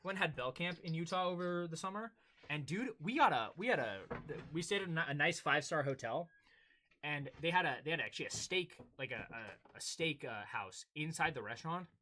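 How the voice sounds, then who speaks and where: Lively young man telling stories. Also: a little high, brisk, a little hiss or hum. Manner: animated storytelling, acting out exchanges. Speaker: podcast co-host. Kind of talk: casual chat.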